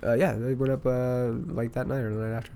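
A man's voice: medium pitch, level tone, mellow, a little hiss or hum. Profane, joking male podcast host. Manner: profane, joking, talks in quick repeated bursts. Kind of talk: casual chat.

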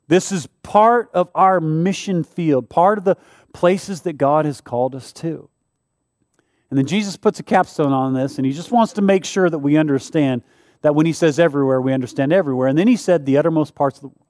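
A man delivers a sermon from the pulpit, his voice sitting high for a man. He preaches conversationally, tossing in rhetorical questions and wry asides. The sound is dry and close, with little room in it. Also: darkish tone, dry recording. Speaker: pastor. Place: church.

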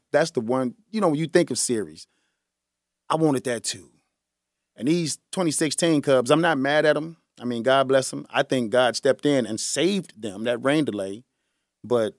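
Gravelly, lively man chatting casually. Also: mid-range voice, no room sound, clean studio sound. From Chicago area. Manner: chatty, joking, laughs often. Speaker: podcast host. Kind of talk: casual solo chat.

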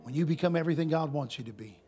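A man preaching a sermon to a congregation, animated and full of rhetorical questions, in casual everyday speech. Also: on the high side, rapid-fire, soft background music. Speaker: pastor.

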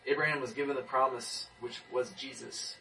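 A man in his twenties telling a personal faith story casually, with animated repeats and restarts. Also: medium pitch, moderate pace, vocal fry. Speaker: person giving a testimony. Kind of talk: casual testimony in a group talk. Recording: distant mic.

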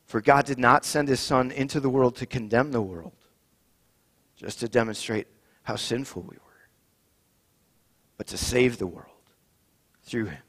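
A man leading a communion service as pastor, reading Scripture and praying in a measured, solemn way. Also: mid-range voice, fairly bright tone. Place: church sanctuary. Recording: long reverb in a church.

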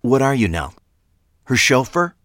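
A male audiobook narrator voicing a wry, deadpan woman police detective. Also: mid-range voice, measured pace, dry recording, studio quality, pitched above the performer's own voice. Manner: deadpan, matter-of-fact.

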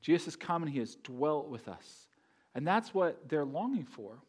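A man's voice: fairly high pitch, sing-song, normal speed, a little mellow, slightly rough. A man preaching a sermon in a conversational way, often asking the congregation questions. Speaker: pastor.

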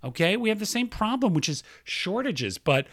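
A man co-hosts a chatty podcast with real enthusiasm, running through listener mail. His voice leaps around in pitch with a bright, forward edge. The recording is close and dry, with no room sound. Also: sing-song, moderate pace, no echo. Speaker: podcast co-host. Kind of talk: casual chat.

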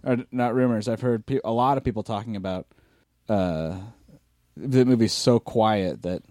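A man in casual chat, telling an animated story and swearing freely. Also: lowish voice, moderate pace, dry recording, clean studio sound.

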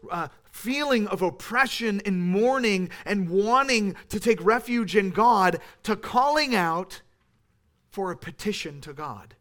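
A man's voice: high voice, a bit bright. A man preaching a sermon in a church, earnestly explaining a psalm and calling out the psalmist's pleas. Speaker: pastor. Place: church sanctuary.

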